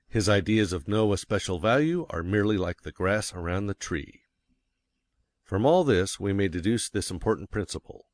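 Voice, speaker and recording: A man with a very low, deep voice reads an old book on speaking in a measured audiobook manner, leaning on the important words. The sound is close and dry, with no room around it. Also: no echo. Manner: measured, stresses key words. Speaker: narrator. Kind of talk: audiobook reading of a classic text.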